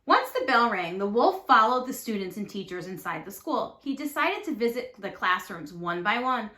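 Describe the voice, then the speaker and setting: A woman teacher reading a storybook aloud with expressive, animated narration. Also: fairly high pitch, normal speed. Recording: echoey room.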